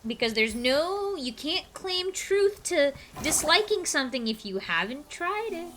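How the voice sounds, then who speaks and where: Lively bright-voiced woman streamer. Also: sits high, measured pace, a little hiss or hum. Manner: playful, teasing, chatty, laughs often. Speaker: game streamer. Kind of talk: casual chat while gaming on stream. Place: at a home computer desk.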